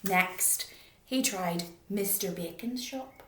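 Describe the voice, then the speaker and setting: A woman's voice: on the high side, lively intonation, unhurried. A woman reading a children's story aloud, playful and often dropping to a whisper. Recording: roomy echo.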